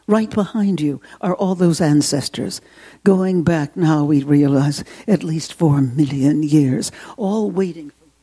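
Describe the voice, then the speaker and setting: A woman guest speaker giving an inspirational talk, slow and intimate, dipping into hushed asides. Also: low-pitched, breathy edge.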